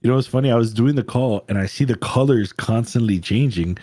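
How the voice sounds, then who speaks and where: A man co-hosting a casual trading livestream, animated, joking and swearing. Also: medium pitch, fairly quick, dry recording, clean studio sound. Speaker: co-host.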